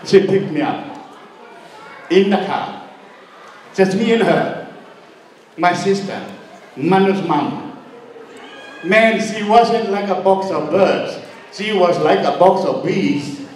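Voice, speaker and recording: A middle-aged man from Tonga, an uncle giving a humorous storytelling speech at a birthday party, teasing and joking with sudden high swoops in pitch. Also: lively intonation, slow pace, pauses often, slight background noise. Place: party hall. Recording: very echoey hall, distant mic.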